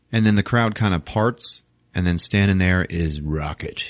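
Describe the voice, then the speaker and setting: A male podcast host giving a casual movie recap, full of crude jokes and his own laughter. His voice sits low and sounds close and dry. He keeps acting out the scenes as he goes. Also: moderate pace, no echo.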